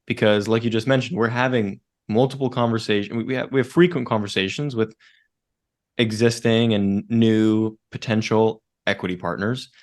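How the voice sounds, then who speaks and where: A young man co-hosting a business podcast, explaining things step by step in a measured way and often checking in with "right?". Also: lowish voice, fairly even intonation. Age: young adult. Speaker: podcast co-host. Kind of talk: casual business podcast chat.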